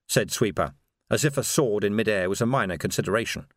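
A man reading a novel aloud as audiobook narrator, in a dry, measured storytelling manner. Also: on the low side, dry recording. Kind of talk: scripted narration.

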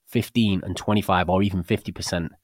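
Fast-talking British man telling rambling stories. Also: low voice, dry recording, studio quality. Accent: British English. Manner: rambling storyteller, many restarts and animated quoted dialogue. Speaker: podcast co-host. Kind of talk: casual chat about a book.

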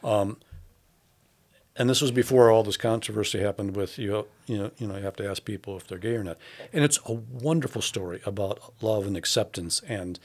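A man speaks in a fairly low voice. He talks through ideas as he goes, with frequent fillers, pauses and restarts. This is a relaxed, conversational interview. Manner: thoughtful, halting, many fillers and restarts. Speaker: theatre artistic director.

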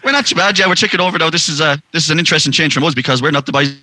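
An Irish man from Sligo, a podcast guest, trading quick jokes. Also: a little high, pushed and bright, no room sound. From Sligo, Ireland. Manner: quick, joking banter. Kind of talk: casual podcast chat.

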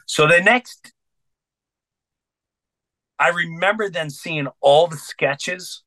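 A man's voice: fairly high pitch, slow, pauses often, pushed and bright, no echo. A middle-aged comedian telling a story as a guest in an interview, earnest and intense, acting out both sides of each conversation he recalls.

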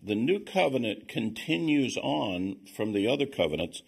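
A man teaching on scripture as a Bible teacher, explaining in a measured way and reading passages aloud. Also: medium pitch, big pitch swings, creaky, breathy edge.

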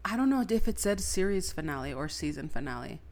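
Laughing low-voiced woman podcaster. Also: big pitch swings, a little fast, darkish tone. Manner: laughs often, teasing. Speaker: podcast co-host. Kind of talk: casual chat.

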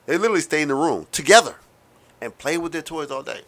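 A man's voice: on the high side, lively intonation, a bit bright. A man in his thirties hosting a casual, rambling monologue, wry and profane with lots of asides. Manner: self-described fast talker. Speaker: podcast host.

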